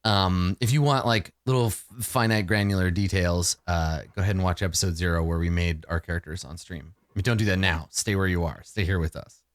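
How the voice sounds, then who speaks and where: A man's voice: deep voice, a little fast, no echo, studio quality. A man running a tabletop game as dungeon master, reading the dramatic scene-setting text aloud. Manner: lively, reads dramatic box text.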